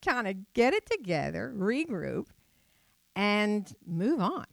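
A woman's voice: medium pitch, very animated, takes it slowly, vocal fry, dry recording. Woman preaching, dry close sound. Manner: chatty storytelling with rhetorical questions. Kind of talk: sermon.

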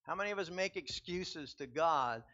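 High, bright-voiced male pastor preaching. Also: animated, normal speed. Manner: builds from quiet to loud, emphatic repetition. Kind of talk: sermon. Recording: dull lo-fi sound.

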